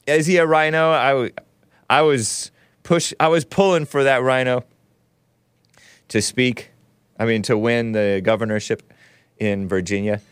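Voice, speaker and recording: A man's voice: medium pitch, steady tone, a little slow, long pauses, clean tone, no echo, clean studio sound. A man hosting a talk show, commenting on news clips in a sarcastic, mocking way. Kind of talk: casual commentary.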